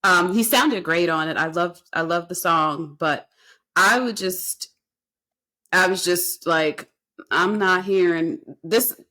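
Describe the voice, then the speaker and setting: A woman's voice: lowish voice, takes it slowly, pushed and bright. Woman, podcast co-host, casual chat, emphatic, repeats herself. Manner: talks in emphatic, repeated statements.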